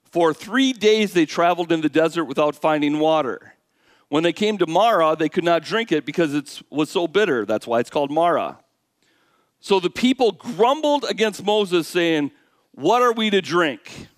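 A man preaching a sermon, animated, swinging from hushed asides to loud exclamations. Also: on the high side, moderate pace, no room sound, clean studio sound. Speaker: pastor.

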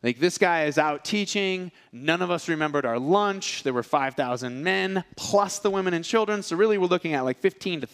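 Male preacher, slightly high voice, swinging wildly in pitch, storytelling sermon with jokey asides. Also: moderate pace, few pauses. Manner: animated, acts out characters' lines; casual, joking asides.

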